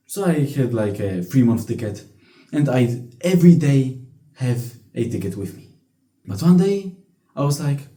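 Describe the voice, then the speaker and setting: Young man, blunt profane rant, very dark voice, echoey room. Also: mid-range voice. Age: young adult. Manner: blunt, profane, frequent restarts. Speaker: vlogger. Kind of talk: casual storytelling rant.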